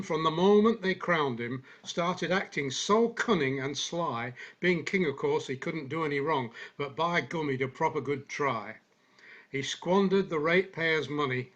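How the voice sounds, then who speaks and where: A man with a fairly high voice recites a comic monologue in rhyming verse. He puts on a generic northern English accent and tells it in a measured storytelling way, heard over a video call. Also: fairly bright tone. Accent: put-on generic northern English. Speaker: singaround participant reciting.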